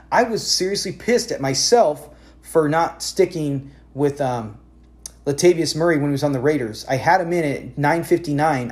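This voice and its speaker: A man in his forties hosting a casual fantasy football talk show, telling stories in an animated way with lots of self-corrections. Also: on the high side. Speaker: podcast host.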